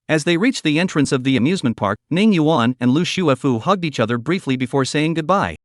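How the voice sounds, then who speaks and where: Lively, fairly high-voiced male narrator. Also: fairly quick, hardly any pauses, no room sound, studio quality. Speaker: recap narrator. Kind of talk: scripted story narration.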